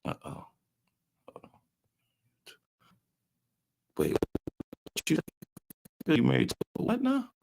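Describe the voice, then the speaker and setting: A man's voice: a little high, huge pitch swings, takes it slowly, vocal fry, pauses often, a little mellow, slight background noise. A man hosting a casual live stream, teasing his chat with loose slang and frequent laughs. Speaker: livestream host reading chat.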